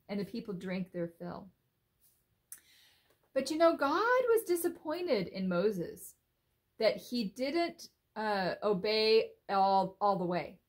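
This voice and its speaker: A woman telling a Bible story to children in an animated, expressive way, often asking her listeners questions. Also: a little high.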